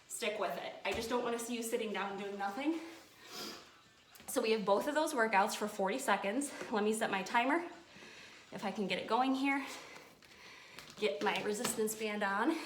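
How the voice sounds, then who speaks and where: A woman with a voice on the high side runs an upbeat home workout as a fitness instructor, counting down the sets while she coaches. Recorded from a distance by a camera in an echoey room, the clip carries slight background noise.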